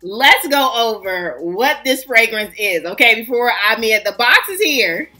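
Woman, vlog host, high voice, very bright tone, chatty, playful, excitable. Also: measured pace, faint music behind. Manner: chatty, playful and excitable, addresses viewers as family. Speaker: fragrance vlogger host. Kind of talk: casual first-impression review vlog.

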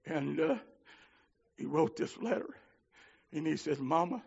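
A man preaching a holiness sermon, telling stories with fervor and swinging from shouts to low pleading. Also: a little slow, vocal fry, pauses often, dull audio. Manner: fervent, climbs to shouting then drops low. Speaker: minister.

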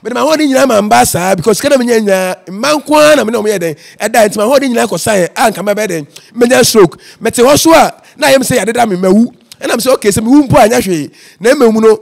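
Fast, gravelly high-voiced Ghanaian man. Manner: storytelling, mixing in English phrases. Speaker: interview guest, evangelist. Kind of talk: personal testimony in casual interview.

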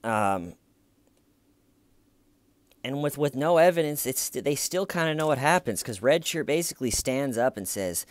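A man's voice: mid-range voice, lively intonation, unhurried, pauses often, no room sound. A man giving casual true crime commentary, musing aloud in a wry tone with hesitant restarts.

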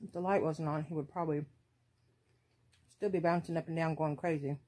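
A woman in her forties with a Southern US accent, filming at home on a phone and talking to her pet in high, playful baby talk. She laughs often. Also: steady tone, fairly quick, a little mellow. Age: 40s. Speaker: crafting vlogger. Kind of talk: casual home video chat. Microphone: phone held in hand.

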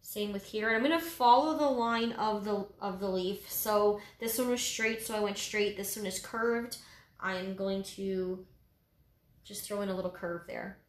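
A woman's voice: medium pitch, a little slow. A woman giving a casual step-by-step painting tutorial, easygoing and full of little fillers. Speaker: painting instructor. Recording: roomy echo.

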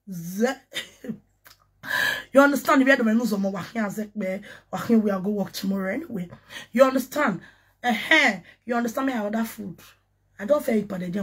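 A woman from Nigeria with a Nigerian Pidgin accent, ranting excitedly on a casual livestream and breaking into chanted syllables and laughter. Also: mid-range voice, slightly rough. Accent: Nigerian Pidgin English. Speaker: social media personality.

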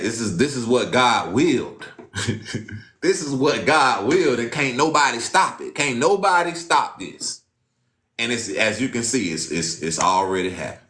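A man giving an informal sermon, reading scripture aloud and talking in a casual, slangy way, swinging from loud exclamations to low muttering. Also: echoey room. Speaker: preacher.

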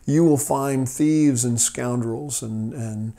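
A man doing a calm wise old gatekeeper. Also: medium pitch, creaky. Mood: measured. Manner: measured, answering with a question.

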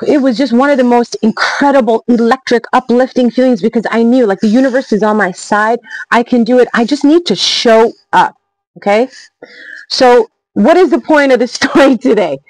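A woman in her forties, telling travel stories in an energetic, emphatic, chatty way as a motivational vlogger. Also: on the high side, no echo, rough recording. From Canada. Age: 40s. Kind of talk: motivational storytelling vlog.

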